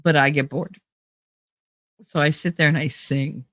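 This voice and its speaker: A woman's voice: low-pitched, steady tone, measured pace, fairly bright tone, no room sound. A woman with a New Jersey accent chatting casually on a livestream, rambling and laughing often, a little nasal from a stuffy nose. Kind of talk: casual chat.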